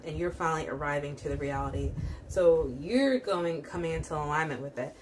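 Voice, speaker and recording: Young female tarot reader, lower register, casual and reassuring, lots of affirmations. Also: slight background noise. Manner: encouraging, repetitive affirmations; casual with frequent fillers. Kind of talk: pick-a-card tarot reading.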